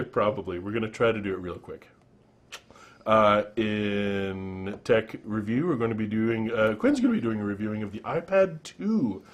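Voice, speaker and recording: A man's voice: fairly low pitch, moderate pace, slight background noise. A young man hosting a casual podcast, bantering and joking with co-hosts. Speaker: show host. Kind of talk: casual chat.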